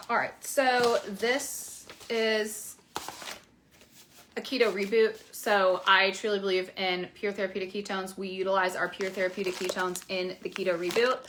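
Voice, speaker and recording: Young woman with a bright sharp voice, chatty coach vlog, lots of ums, faint noise behind. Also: medium pitch. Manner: chatty, many fillers, frank and blunt. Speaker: keto coach. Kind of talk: casual promotional video talk.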